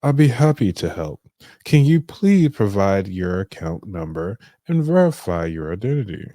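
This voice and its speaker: A man voicing a courteous credit card phone receptionist in a put-on deep voice. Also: big pitch swings, moderate pace, dark tone, no echo, studio quality. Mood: polite.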